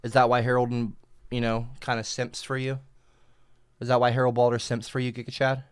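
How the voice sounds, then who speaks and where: A man livestreaming into a headset mic, reading chat aloud and cursing and yelling back at viewers. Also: mid-range voice, completely flat delivery, a little fast, clean tone, no room sound, clean studio sound. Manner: profane, combative, shouting back at chat.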